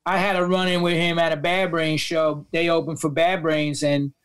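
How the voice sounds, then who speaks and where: A man with a New York accent telling profane, animated stories as a podcast guest, acting out the voices of people he quotes. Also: fairly high pitch, normal speed, smooth. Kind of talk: storytelling in a podcast interview.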